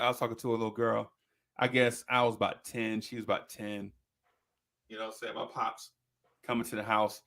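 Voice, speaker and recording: A man in his fifties telling stories in a casual chat, animated and slangy, laughing often. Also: lowish voice, creaky.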